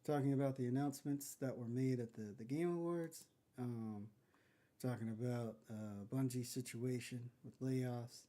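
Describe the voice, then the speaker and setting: A man hosting a casual podcast, talking in a halting way with lots of pauses and restarts. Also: mid-range voice, steady tone, mellow. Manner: halting, many fillers and restarts. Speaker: podcast host.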